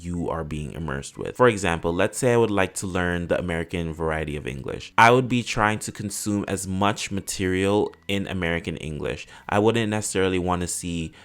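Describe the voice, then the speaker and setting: A man's voice: low voice, lively intonation, brisk, few pauses. A man explaining language learning as an English educator, walking through examples step by step. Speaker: English educator and linguistics specialist.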